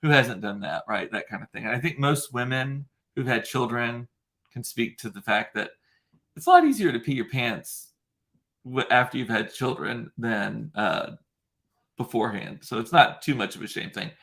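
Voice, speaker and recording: A man's voice: medium pitch, animated, normal speed, vocal fry, a bit bright. A young man vlogging casually, rambling through a funny story with lots of ums and laughing asides. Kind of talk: casual chat to camera.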